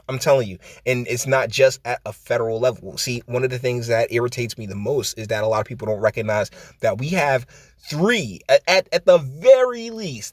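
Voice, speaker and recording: A man's voice: medium pitch, no room sound, studio quality. A man hosting his own channel, giving casual spoken commentary with lots of fillers and the odd chuckle. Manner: conversational, loose, with frequent fillers and chuckles. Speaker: channel host.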